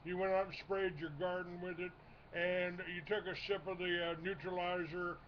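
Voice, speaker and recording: Man, radio host, rambling, high-pitched, muffled lo-fi sound, faint hiss. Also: level tone, normal speed. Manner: rambling, with many fillers and restarts. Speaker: radio talk show host. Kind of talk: casual radio talk.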